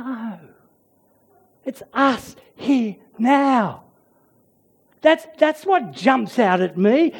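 Slow, emphatic preacher. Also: mid-range voice. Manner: emphatic, swings between loud urging and hushed near-whispers. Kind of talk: sermon.

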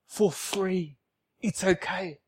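A man quietly quoting the gentle, loving voice of God in a soft, hushed tone. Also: high-pitched, takes it slowly, breathy edge, full character voice. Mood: tender.

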